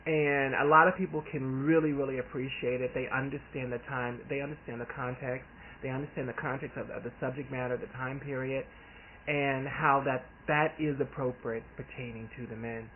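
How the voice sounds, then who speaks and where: A man's voice: medium pitch, steady tone, fairly quick. Earnest man on a tinny line. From US Deep South. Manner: earnest, rambling, with restarts and chuckles. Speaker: author. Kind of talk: casual vlog talk. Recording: tinny phone-like audio with faint hiss.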